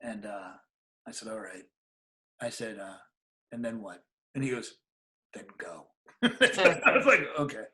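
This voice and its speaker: Speaking at a measured pace with frequent pauses, a middle-aged interview guest shares a personal story in a relaxed, animated manner. His voice is mid-range, and he imitates the voices of those he quotes.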